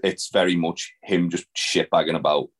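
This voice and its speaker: Speaking at normal speed in a low voice with a breathy edge and fairly even intonation, this man co-hosts a podcast reviewing wrestling. He rambles casually, cursing freely and using many fillers.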